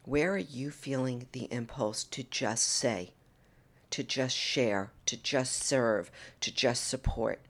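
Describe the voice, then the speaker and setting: A woman hosting a solo podcast monologue into a microphone, earnest and emotional, often dropping into a soft whisper. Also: a bass voice. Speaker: podcast host. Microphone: studio microphone.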